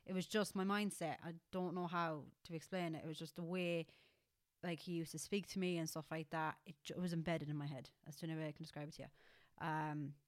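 Young Irish woman co-host, candid and chatty with a lower pitch, recorded dry. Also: steady tone, fairly quick, no echo. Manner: candid, rambling, many fillers and restarts. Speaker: podcast co-host. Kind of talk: casual chat.

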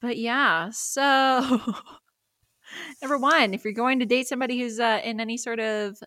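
Young female co-host, bright crisp voice, fast filler-heavy storytelling, dry close sound. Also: fairly high pitch, no room sound. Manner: animated, laughing, lots of fillers. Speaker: podcast co-host. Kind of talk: casual storytelling chat.

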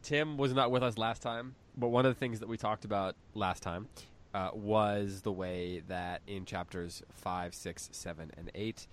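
A man's voice: on the low side, fairly even intonation, a little slow. A man hosting a casual podcast chat, rambling and chuckling as he interrupts himself. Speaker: podcast host.

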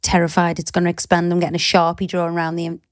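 A woman's voice: lowish voice, monotone, fast talker, no room sound, clean studio sound. A woman in her thirties with a Liverpool accent, co-hosting a podcast in a chatty, teasing way, full of "you know" and "like". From Liverpool, England. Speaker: podcast co-host. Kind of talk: casual chat.

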